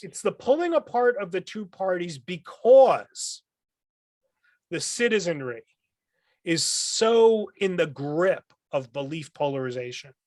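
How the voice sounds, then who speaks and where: A man, a philosophy professor, explaining ideas as a guest on a podcast in a thoughtful, lecturing way, often pausing with "um" and restarting his phrases. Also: high voice, big pitch swings, a little mellow, no room sound, studio quality. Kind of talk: podcast interview.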